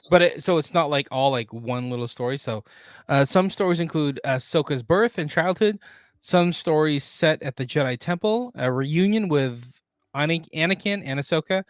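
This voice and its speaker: A man co-hosting a casual pop culture news podcast, reading out news items and then riffing on them in a relaxed way. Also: fairly high pitch, dry recording, studio quality. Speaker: podcast co-host.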